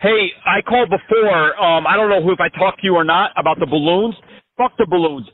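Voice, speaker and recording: A man's voice: high-pitched, brisk. A man making a prank phone call, ranting in a brash, profane, rambling way over the line. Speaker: prank caller.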